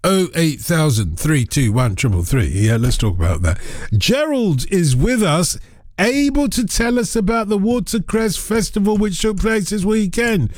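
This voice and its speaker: Chatty radio host with a bouncy voice. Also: male voice, unhurried, no echo, studio quality. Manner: chatty and playful, with lively pitch swings. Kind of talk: casual phone-in chat. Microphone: studio microphone.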